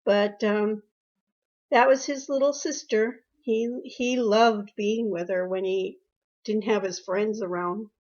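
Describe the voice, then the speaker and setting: In this dull, lo-fi recording, a mother being interviewed recalls stories about her daughter with warmth and emotion, often repeating herself. Her voice is medium-pitched with fairly even intonation, and she takes her time. She is an older woman.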